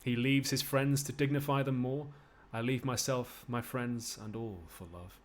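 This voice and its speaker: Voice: medium pitch, fairly even intonation, moderate pace, close to an everyday voice. A streamer reading the part of a lovesick young nobleman in a live amateur read-through of a play. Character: young lovesick male nobleman, moony and wordy.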